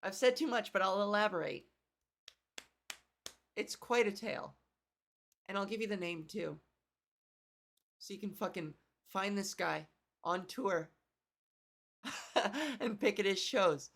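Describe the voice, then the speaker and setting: A woman's voice: medium pitch, animated, takes it slowly, long pauses, fairly bright tone. Cracky-voiced woman comedian rambling. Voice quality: cracky, gravelly voice. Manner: rambling, profane, self-deprecating. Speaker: comedian podcast host. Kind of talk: casual solo podcast chat.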